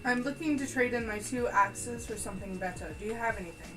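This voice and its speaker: A woman playing in a tabletop game, speaking quickly and directly about what her character does. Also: fairly high pitch, poor audio. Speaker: player. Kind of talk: casual tabletop game chat. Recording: stream with music clearly behind.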